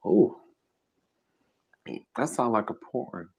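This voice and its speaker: A man hosts a trivia game on a live stream. He reads each question aloud and jokes loosely with the chat in an easy, slangy way. His voice sits in an ordinary middle pitch. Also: lively intonation, slow pace, gravelly, darkish tone, husky. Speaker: mukbang host running a live trivia game.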